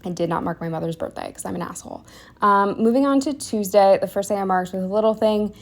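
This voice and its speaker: Speaking fast at a medium pitch, a young planner vlogger does a casual voiceover for her video. It's rambling and a bit breathless, with fillers, restarts and self-deprecating remarks that she whispers.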